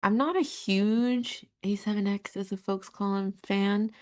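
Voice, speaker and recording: A woman co-hosting a casual podcast, telling stories in an animated way and laughing often. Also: mid-range voice, measured pace. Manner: animated storyteller, says dude a lot, laughs often. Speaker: co-host.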